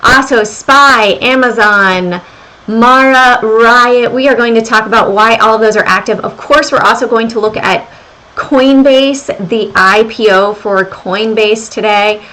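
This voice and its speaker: A woman's voice: on the high side, measured pace, poor audio. A middle-aged woman with a slight Southern American accent, hosting a casual stock and crypto livestream from home and chatting with viewers as she goes. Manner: chatty, reads viewer comments aloud, thinks out loud. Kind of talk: casual market livestream chat. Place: home room during renovation work.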